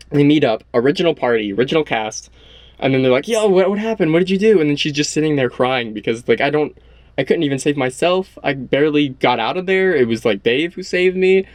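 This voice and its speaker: A young man talking excitedly and rambling about a show he loves, repeating how good it is. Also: medium pitch, no echo. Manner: gushing, rambling, repeats himself. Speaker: show reviewer. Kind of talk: excited casual episode discussion.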